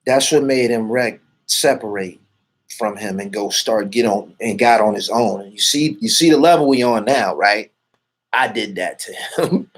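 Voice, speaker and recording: A man's voice: lowish voice, a little slow. A man being interviewed, talking in a boastful, profane and rambling way. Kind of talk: casual street talk.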